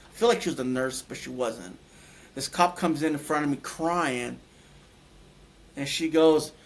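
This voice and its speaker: A man recounting a personal experience as a guest, speaking in halting phrases and searching for words. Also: mid-range voice. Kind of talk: personal storytelling.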